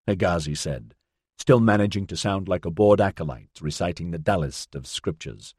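Low-voiced male audiobook narrator. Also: moderate pace, darkish tone, husky, no room sound, clean studio sound.

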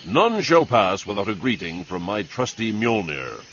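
A man's voice: lowish voice, big pitch swings, normal speed, fairly bright tone, highs cut off, slight background noise. A male narrator voicing an eccentric, educated old man who speaks in a formal, old-fashioned way. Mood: grandiose.

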